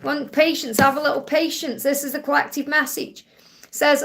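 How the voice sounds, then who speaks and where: A woman with a Stoke-on-Trent accent answers viewers' questions on a live spiritual stream. Her voice sits high and has a gravelly rasp to it. She keeps a soothing, reassuring tone and often tags her points with "okay?". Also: level tone, normal speed, fairly bright tone. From England.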